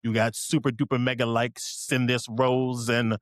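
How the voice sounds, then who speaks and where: A man's voice: mid-range voice, flat delivery, normal speed, no echo, clean studio sound. A young man co-hosting a podcast, chatting casually with joking, rambling asides. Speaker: podcast co-host. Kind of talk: casual chat.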